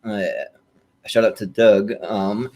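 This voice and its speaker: A man's voice: on the low side, level tone, slow pace, dark tone. A man co-hosting a podcast in casual chat, rambling with many fillers and restarts. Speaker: podcast co-host.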